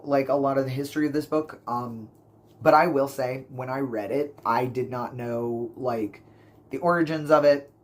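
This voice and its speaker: A man rambling casually through book reviews for his channel, full of fillers and self-corrections, gushing about what he loved. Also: medium pitch. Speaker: book vlogger.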